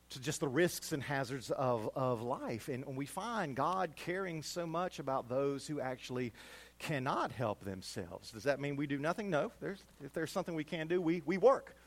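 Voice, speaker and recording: A middle-aged male pastor preaching a sermon, swinging from loud emphatic peaks to quiet low asides.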